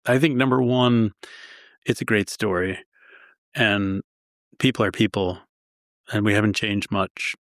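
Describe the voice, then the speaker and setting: A man's voice: lowish voice, a bit bright, dry recording, clean studio sound. A male historian from Long Island, telling stories in a self-deprecating and enthusiastic way. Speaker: historian guest. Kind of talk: conversational storytelling.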